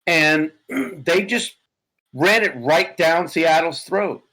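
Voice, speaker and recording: A man on a football podcast, gushing about his team with animated energy and plenty of swearing. His voice sits a little high and sounds slightly hoarse. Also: slow pace, poor audio. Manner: animated, profane, laughing. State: hoarse from yelling. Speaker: podcast co-host, Giants fan. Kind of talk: excited sports chat.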